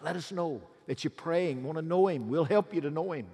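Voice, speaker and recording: A middle-aged pastor giving a pleading altar call and prayer in a large church, swinging between loud urges and hushed appeals. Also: male voice, a little high, fairly quick, breathy edge. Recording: long hall reverb.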